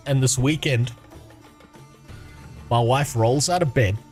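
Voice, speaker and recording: A South African livestreamer in his thirties talks slowly in a medium-pitched, darkish voice, with faint music behind. The chat is casual, full of swearing and frequent laughter.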